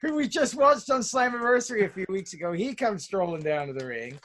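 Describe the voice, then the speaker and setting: High-voiced excitable man on a podcast. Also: a little fast, slight background noise. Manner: excitable, blunt, swears casually. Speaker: podcast co-host. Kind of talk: casual wrestling recap chat.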